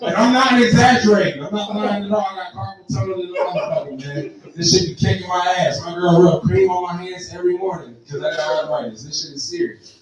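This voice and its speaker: On stage at a live comedy venue, a young man from Texas in his twenties tells profane stories and laughs along at his own jokes. He's a fast talker with a high-pitched voice. The echoey room is captured by a far mic, with the crowd and its reactions in the background.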